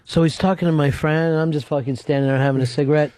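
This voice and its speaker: A man hosting a radio talk show, telling profane, animated stories from his past. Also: on the high side, quick pace, dry recording. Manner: animated, swears constantly, acts out voices in stories. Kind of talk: profane storytelling chat. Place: radio studio.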